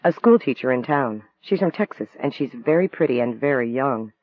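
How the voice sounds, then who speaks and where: A man voicing a quiet, sad, guarded man with a subdued, pensive delivery. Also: medium pitch, animated, normal speed, dry recording, lightly acted. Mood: sheepish. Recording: dry, tinny phone-like sound.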